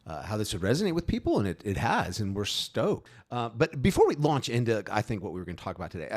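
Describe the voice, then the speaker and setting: A man's voice: lowish voice, wildly swooping pitch, fast. A man co-hosting a podcast in casual chat, rambling with many restarts. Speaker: podcast co-host; graphic designer.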